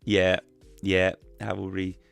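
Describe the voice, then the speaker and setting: Gravelly-voiced man chatting. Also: sits low, slow, soft background music. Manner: relaxed, rambling, many fillers and restarts. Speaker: stream guest. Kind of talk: casual chat on a live stream.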